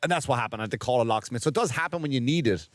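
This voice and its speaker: A man's voice: mid-range voice, lively intonation, very fast, no room sound. A man hosting a podcast, telling a rambling, profane story in casual chat and acting out the quotes. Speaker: podcast host.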